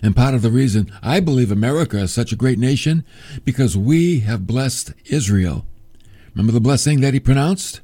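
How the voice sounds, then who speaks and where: A man leads a casual Bible lesson, reading scripture and breaking off for chatty, joking asides. His voice rises and falls a lot as he tells the story. The tone is warm and mellow rather than bright. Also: fairly low pitch, animated, moderate pace, breathy edge. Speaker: Bible teacher.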